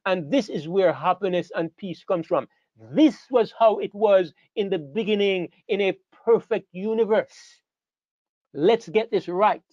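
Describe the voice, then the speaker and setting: Unhurried and darkish in tone, a man's high voice carries a sermon lecture full of emphasis and repetition, with questions he answers on his own. The recording is dry, dull and lo-fi.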